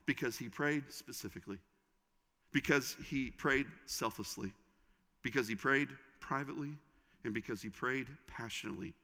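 A middle-aged man preaching a sermon as a pastor, with dramatic pauses and sudden drops to a soft, intimate tone. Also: lowish voice. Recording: reverberant hall.

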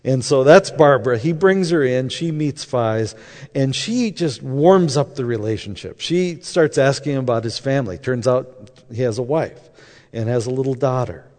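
Male storyteller, mid-pitched, chatty, acts out the dialogue; long hall reverb. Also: moderate pace, a little mellow. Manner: conversational, acts out quoted dialogue. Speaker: speaker telling a faith story. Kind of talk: anecdotal storytelling talk.

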